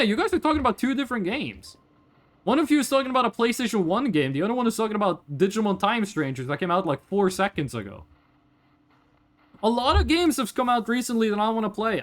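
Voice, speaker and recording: During his live gaming stream, a man from Norway talks to his audience in a high-pitched voice, rambling along with lively energy and lots of jokes.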